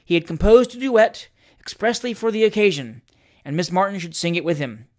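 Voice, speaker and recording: A reader narrating a comic classic story aloud. The delivery is lively and theatrical, with a dramatic sense of timing. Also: mid-range voice, fairly quick. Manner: lively, theatrical narration with shouted character lines.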